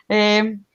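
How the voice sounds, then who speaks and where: A woman's voice: sits high, muffled recording. A woman with a Glasgow accent, co-hosting a live stream, chatty and laughing often as she tells a history story and greets the chat. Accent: Glaswegian. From Scotland. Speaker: podcast co-host. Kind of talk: casual livestream storytelling.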